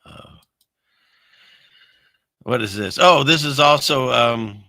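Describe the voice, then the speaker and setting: A man hosting a casual livestream, rambling and chuckling through viewer comments with lots of filler words and trailing pauses. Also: medium pitch, sharp tone, no echo, clean studio sound. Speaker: livestream host reading viewer chat. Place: home setup in the Seattle area.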